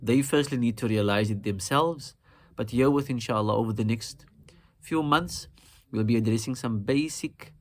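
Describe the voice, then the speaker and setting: A man teaching Quran recitation, explaining in a calm, measured way and repeating example words slowly and deliberately. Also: mid-range voice.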